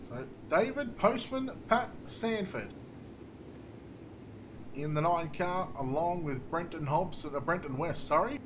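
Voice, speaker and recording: Male race caller, high-pitched, excitable, live commentary over loud engine and crowd noise. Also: measured pace. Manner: excitable play-by-play, voice rising with the action. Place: speedway commentary position.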